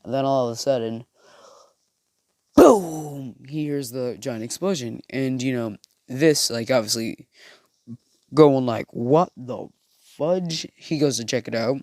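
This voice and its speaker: A young man spins a fan story on the fly, loose and rambling, tripping over his words. His voice sits at an ordinary middle pitch, recorded close and dry. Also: a little slow, darkish tone, no echo. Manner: rambling, heavy fillers, many restarts. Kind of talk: casual improvised fan story narration.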